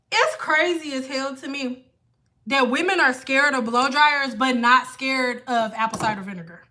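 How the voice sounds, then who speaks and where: Woman, high voice, bright and forceful, blunt profane livestream rant. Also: measured pace, pauses often. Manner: blunt, profane, animated ranting. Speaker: hair stylist hosting a livestream.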